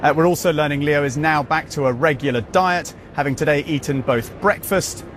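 A male correspondent reports from outdoors in a city square in a measured reporting tone. His voice sits slightly high. Faint urban noise runs behind him. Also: fairly bright tone. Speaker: foreign correspondent. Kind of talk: field news report.

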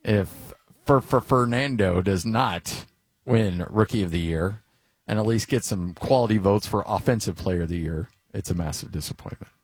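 A talkative male sports radio host in his forties, trading banter with his co-host and spinning family anecdotes. His voice sits at an ordinary middle pitch, and the studio sound is dry and close. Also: moderate pace, slightly rough, no echo. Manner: chatty, tells stories with lively quoted voices. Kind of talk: casual sports radio chat.

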